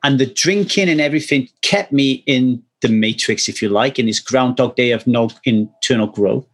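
A man's voice: mid-range voice, moderate pace. Earnest man in candid chat. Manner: earnest, swears casually, repeats words as he restarts; acts out quoted speech animatedly.

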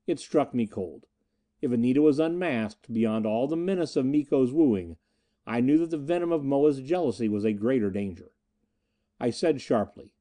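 A man's voice: medium pitch, animated, moderate pace, mellow. A man reading an adventure novel aloud as a first-person audiobook narrator. He tells the story in an earnest, dramatic way.

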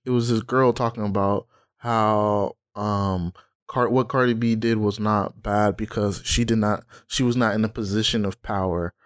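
A man co-hosting a casual podcast chat, animated, sarcastic and profane. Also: lowish voice, moderate pace. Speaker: podcast co-host.

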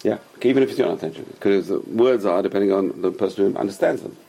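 A man's voice: fairly low pitch, quick pace, creaky, mellow, slightly rough. A man teaching a casual religious class who repeats his points and drills pronunciation with the students.

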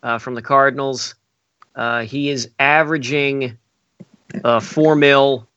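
A man in a casual podcast chat who thinks out loud and fills his pauses with "uh". His voice is bright and forceful, but the recording is dry and a bit dull. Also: mid-range voice, fairly even intonation, smooth, dry recording. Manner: thinking aloud, filler-heavy.

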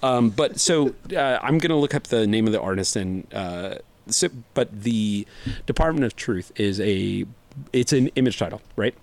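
A man's voice: fairly low pitch, animated, normal speed. A young man on a casual podcast, talking comics in a rambling, jokey way with lots of fillers and restarts. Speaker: podcast co-host reviewing comics.

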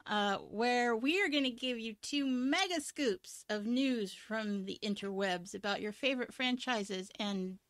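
A woman's voice: fairly high pitch, unhurried, few pauses, fairly bright tone, dry recording, studio quality. A woman co-hosting a casual livestream chat, playful and laughing often. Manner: giggly and playful. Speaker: co-host.

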